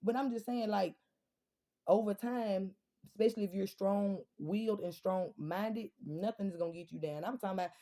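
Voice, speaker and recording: A blunt, fiery woman, speaking straight to her audience in a casual monologue. Her voice is mellow and warm in tone, sitting at an ordinary pitch, while her delivery is profane and full of rhetorical questions. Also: moderate pace. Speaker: vlogger.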